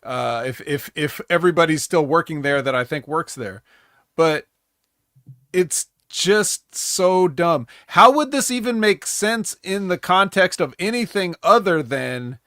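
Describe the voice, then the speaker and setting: A man with a fairly high voice rants in a sarcastic, cutting way. He sounds like a podcast co-host in casual talk. The recording is dry, with no room sound. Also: fairly bright tone, no echo. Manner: sarcastic, ranting. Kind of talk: casual chat.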